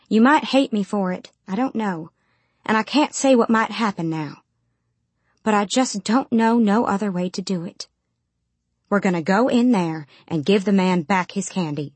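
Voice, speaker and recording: A woman voicing a weary, firm mother who speaks quietly and plainly, in a dry, close recording. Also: medium pitch, husky, dry recording, lightly acted.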